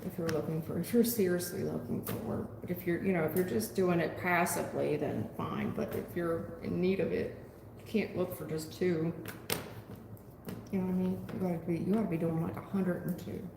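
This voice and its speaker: A woman giving a live tarot reading, blunt and profane, talking back to her chat in an animated way. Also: on the low side, a little fast, vocal fry. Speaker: tarot reader. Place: home room. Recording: echoey room with long reverb, faint noise.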